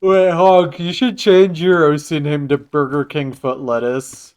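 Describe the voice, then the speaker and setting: A man's voice: a little high, flat delivery, a little slow, darkish tone, clean tone. A man streaming a game live, joking casually with his viewers. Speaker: livestreamer. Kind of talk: casual gaming livestream chat.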